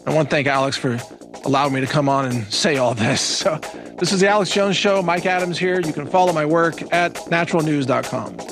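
A man's voice: on the high side, a little fast, over music. A man speaking as a guest commentator, giving a rambling, emphatic casual monologue to viewers and calling them "folks".

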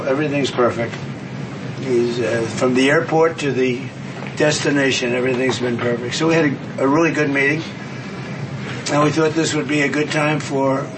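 A man rambling through off-the-cuff press remarks and repeating himself often. His voice is mid-pitched and heard from some distance from the mic, with clear background noise underneath. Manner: rambling, repetitive. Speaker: politician at a press event.

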